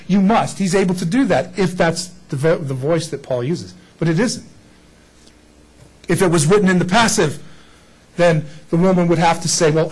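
A male pastor with a high, husky voice preaches a casual, conversational sermon to his congregation, often posing rhetorical questions to them. The recording quality is low.

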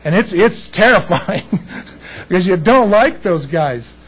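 A middle-aged male pastor preaching casually, telling a story with folksy, animated humor. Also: sits high, unhurried, slightly rough, poor audio. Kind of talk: casual sermon with personal story.

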